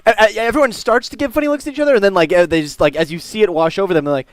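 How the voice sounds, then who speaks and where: A man's voice: high-pitched, rapid-fire. A man narrating a tabletop game as game master, in a loose, chatty way with fillers.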